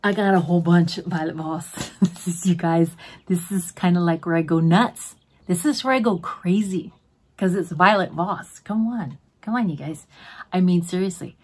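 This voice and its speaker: A woman's voice: lowish voice, normal speed, breathy edge. A middle-aged woman chatting casually as a beauty vlogger, gushing to her viewers like friends while unboxing at home.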